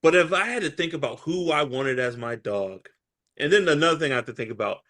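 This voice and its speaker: A man co-hosting a podcast in casual chat, animated and laughing, acting out ranting voices. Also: fairly high pitch, fairly quick. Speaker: podcast co-host.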